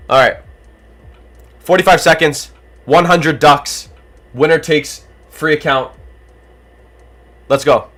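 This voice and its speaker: A livestream host who is losing his voice, calling a giveaway race with animated, rapid play-by-play. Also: fairly high pitch. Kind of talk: excited duck-race commentary on a livestream.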